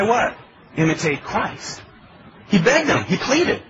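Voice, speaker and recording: A man's voice: sits high, sing-song, slow, highs cut off, noisy background. A male pastor preaching a sermon in a pleading, emphatic way, asking his congregation questions. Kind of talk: expository sermon.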